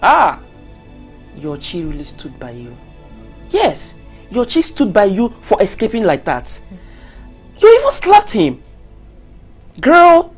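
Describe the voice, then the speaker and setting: A woman's voice: lowish voice, sing-song, normal speed, soft background music. An actress with a Nigerian accent playing a teasing, gossipy girlfriend with a mocking delivery. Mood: excited. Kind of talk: film drama acting. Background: soft film score.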